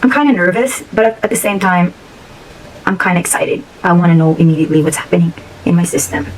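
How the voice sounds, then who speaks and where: A hoarse middle-aged woman vlogging in casual, rambling chat, restarting her sentences often. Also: lowish voice, animated, fast, a little hiss or hum, low-quality recording. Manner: rambling and candid, with frequent restarts.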